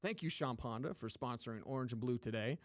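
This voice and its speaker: A man's voice: medium pitch, quick pace, no echo, studio quality. A man hosting a sports radio show, giving emphatic, opinionated talk and mocking people in put-on voices. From United States. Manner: emphatic, repetitive, mocking mimicry.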